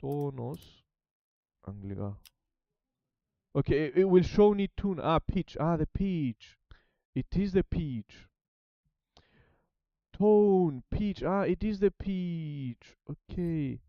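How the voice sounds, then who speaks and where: A man's voice: fairly high pitch, animated, slow, long pauses, no echo, dull audio. A man with a Greek accent, a native Greek speaker, talking casually as he studies a language and thinks aloud with many restarts. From Greece. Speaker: language learner documenting his study. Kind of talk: casual self-study talk.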